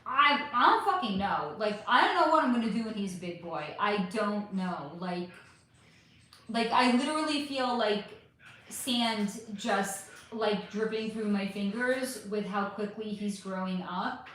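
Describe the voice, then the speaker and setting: Speaking at a measured pace in a slightly bright, mid-range voice with lively intonation, this thirty-something livestream host reads comments, rambles, and swears now and then. She's in her bright living room, using just her phone's built-in mic, which picks up room echo and faint background hiss.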